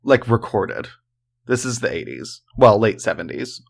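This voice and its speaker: A man's voice: lowish voice, expressive, a little slow, creaky. A man co-hosting a casual true-crime podcast, talking in a joking, rambling way full of fillers. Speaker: podcast co-host.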